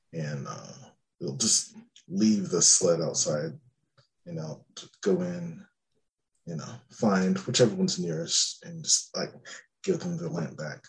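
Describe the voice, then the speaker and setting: Male player, very deep voice, gravelly, slow, hesitant. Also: big pitch swings, rough recording. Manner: hesitant, filler-heavy. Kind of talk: casual tabletop play.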